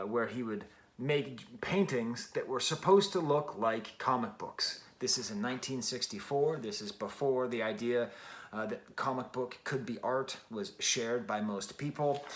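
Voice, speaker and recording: A man's voice: medium pitch, a bit bright. Man musing through a record review. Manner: thinking aloud, with frequent restarts and filler. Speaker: music reviewer. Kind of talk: casual spoken record review.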